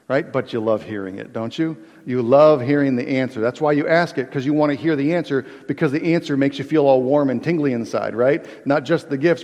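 A man's voice: medium pitch, a little mellow. Man preaching in an echoing hall. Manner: conversational, asks the audience "right?" often. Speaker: pastor. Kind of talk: sermon. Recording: long hall reverb.

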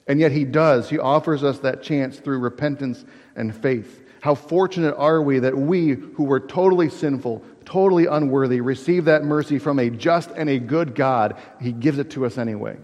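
A man's voice: mid-range voice, normal speed, hardly any pauses, a little mellow. A man preaching a sermon as a pastor, earnest, asking rhetorical questions and often restarting his phrases. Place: church sanctuary. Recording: dull reverberant hall recording.

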